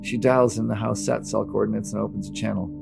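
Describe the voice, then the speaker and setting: A man reading a novel aloud as narrator, in a steady, dramatic audiobook delivery. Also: lowish voice, fast talker, vocal fry. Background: music.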